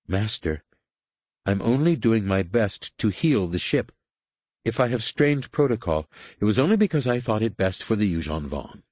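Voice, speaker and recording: A man voicing a subservient alien woman adept who answers quietly and carefully, in a husky voice raised a little above his own. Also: lowish voice, big pitch swings, normal speed, no echo. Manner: quiet, deferential, tense.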